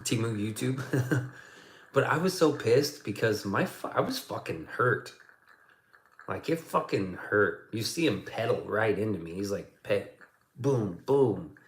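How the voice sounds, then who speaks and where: A man's voice: lowish voice, expressive, unhurried, fairly bright tone, roomy sound. A man chatting casually on his livestream, swearing a lot and rambling through stories. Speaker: streamer.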